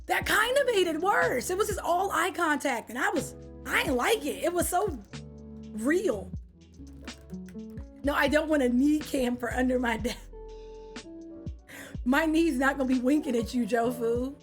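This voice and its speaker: Young woman streamer, high voice, casual slangy chat, faint music underneath. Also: a little slow, pauses often. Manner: animated, slangy, talks to chat by name.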